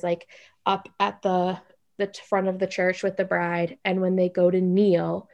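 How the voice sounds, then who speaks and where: A young woman telling a story in a casual, animated way, full of "like" fillers. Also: lowish voice.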